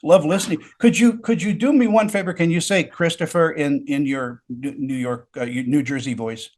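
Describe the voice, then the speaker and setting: A man's voice: a little high, normal speed, a little mellow. A man hosting an interview over a video call, eager and agreeable, with frequent restarts. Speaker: interview host. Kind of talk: casual interview.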